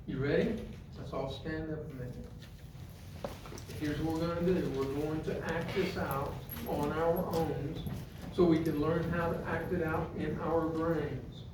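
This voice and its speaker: A male preacher giving a sermon, dropping to quiet asides and rising to loud, emphatic points as he directs the congregation. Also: fairly high pitch, steady tone, a little slow. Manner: acts out stories and gives the congregation physical directions. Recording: echoey hall, mic far off, faint room noise.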